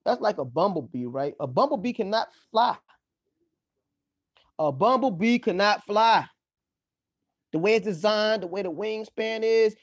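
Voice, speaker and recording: A man's voice: sits high, darkish tone, no echo, clean studio sound. A man hosting a livestream, rambling loosely through a profane casual monologue, exclaiming often and breaking into laughs. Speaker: livestream host.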